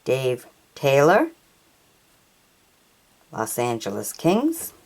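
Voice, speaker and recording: Woman, low voice, very slow pace, reading card names aloud, halting, stumbles on names. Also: wildly swooping pitch, a little mellow. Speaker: hockey card collector. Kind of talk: slow read-out of trading cards.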